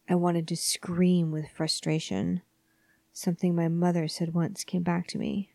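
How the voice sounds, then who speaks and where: A woman narrating a horror story in a soft, hushed, often whispery voice, measured and calm. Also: lowish voice, creaky, no room sound.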